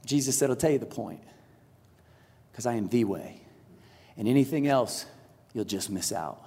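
A man in his thirties preaching a sermon, telling a story with lively animation and acting out the quotes. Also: medium pitch, normal speed, husky. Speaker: pastor. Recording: large hall with long reverb.

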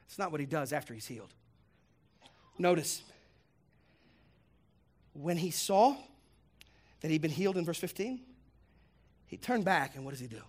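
A male pastor preaching a lively, humorous sermon, swinging between loud punchlines and hushed reflective lines. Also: on the high side, moderate pace, long pauses. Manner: animated, humorous, acts out voices.

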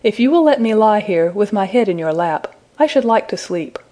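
A woman voicing a proud young man who is frightened of the dark, speaking sulkily and with scorn, in a storybook reading. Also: medium pitch, expressive, moderate pace, close to an everyday voice. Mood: pleading. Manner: sulky and scornful.

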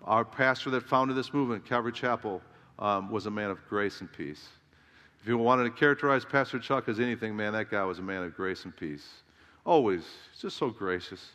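A man's voice: lowish voice, brisk, bright, forceful tone. A middle-aged man pastor preaching a sermon with emphatic delivery, firing rhetorical questions at his congregation. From Southern California. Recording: long reverb of a large hall.

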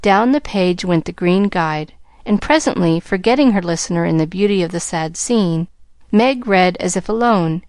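A woman reading a classic novel aloud as an audiobook narrator, with measured, even storytelling. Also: fairly low pitch, clear, resonant tone, no room sound. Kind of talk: scripted narration.

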